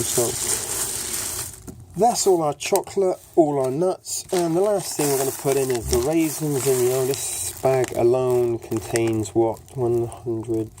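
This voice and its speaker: A chatty English man with a gravelly, creaky voice talks through a how-to demonstration, rambling and tossing in cheeky, self-mocking asides. Loud crinkling and rustling of plastic bags sits right under his voice. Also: mid-range voice. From England. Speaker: prepping channel host. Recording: bag crinkling noise over the voice.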